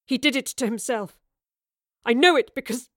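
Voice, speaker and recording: A woman's voice: a little high, moderate pace, fairly bright tone, no echo, clean studio sound, close to an everyday voice. A woman voicing a distraught, angry young man whose voice chokes and breaks in a storybook drama.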